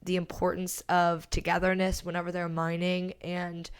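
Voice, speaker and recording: Woman, book podcast co-host, casual rambling chat, clean smooth tone. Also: on the low side, monotone, moderate pace. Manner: chatty, trails off and restarts.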